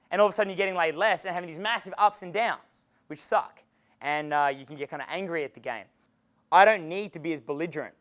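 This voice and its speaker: This dating coach's seminar lecture comes in a slightly high, fairly bright male voice. His manner is loose and talkative, with plenty of swearing and laughter at the stories he tells.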